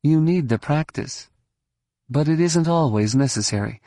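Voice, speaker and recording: A man voicing a sharp, brisk woman starship pilot in a science fiction audiobook, with a clipped, decisive delivery. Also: fairly high pitch, no echo, studio quality, voice pushed up, close to an everyday voice.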